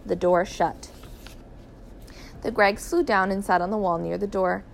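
Woman storyteller, mid-pitched voice, expressive reading, faint background hiss. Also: unhurried. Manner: clear, even, expressive reading. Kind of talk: children's story read aloud.

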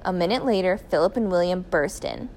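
A woman's voice: fairly low pitch, fairly quick, slight background noise. Woman reading a children's story aloud. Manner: clear, even, expressive reading.

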